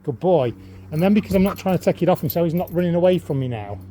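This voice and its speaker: A man working as a dog trainer, calmly explaining a training demonstration and switching to high, upbeat praise for the dog. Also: rapid-fire, slight background noise.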